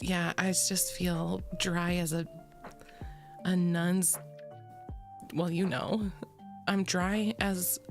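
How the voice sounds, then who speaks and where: A woman streamer chatting casually with her live chat in a sleepy morning voice, giggly and rambling, swearing freely. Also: fairly low pitch.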